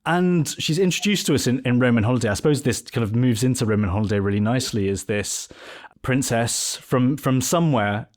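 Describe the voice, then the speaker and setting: A man of middle pitch hosting a film podcast. He speaks in a thoughtful, academic way and builds his points as he talks with his guest. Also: fairly quick, a little mellow. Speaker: podcast host. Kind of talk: conversational podcast interview.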